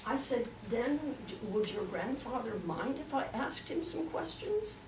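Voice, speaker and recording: A woman's voice: a little high, unhurried, noisy background. Older woman telling a story in an echoey room. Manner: lively storyteller, acts out quoted voices. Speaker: guest speaker. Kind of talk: storytelling talk to a club. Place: club meeting room. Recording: echoey room, mic from far off.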